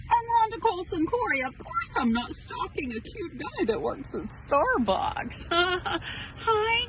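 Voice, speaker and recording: A woman's voice: very high voice, pushed and bright, a little hiss or hum, voice pushed up, heavily acted, poor audio. A woman playing a ditzy, lost woman posing as the missing host in a rambling, giggly comic video sketch.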